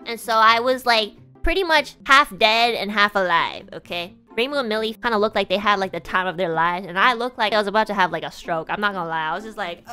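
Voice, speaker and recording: A young woman streamer telling a rambling, flustered story in casual chat, breaking into high laughter. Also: lively intonation, normal speed, pushed and bright, faint music behind. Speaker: VTuber streamer.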